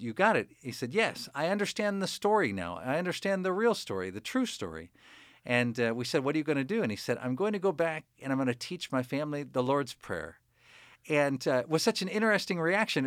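A man's voice: mid-range voice, a bit bright, no echo. Man, pastor guest, earnest storyteller, lots of uhs, dry close studio sound. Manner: earnest, storytelling with frequent fillers. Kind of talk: conversational interview.

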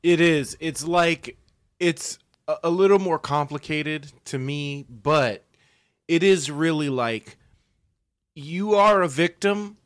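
A man's voice: a little high, slow pace, dry recording, studio quality. A man co-hosting a podcast in casual chat, hesitant and thinking aloud with fillers. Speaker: podcast co-host.

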